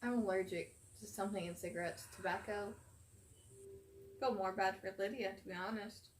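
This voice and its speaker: A woman reacting to a TV episode in casual commentary, swearing often and breaking into loud frightened outbursts. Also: medium pitch, fairly even intonation, moderate pace, slight background noise. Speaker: reaction video host.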